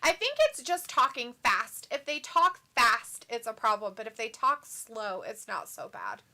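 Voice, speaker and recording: A woman's voice: a little high, sing-song, measured pace, pushed and bright. A woman co-hosting a casual live chat show, reading viewer comments aloud and laughing often. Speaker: co-host.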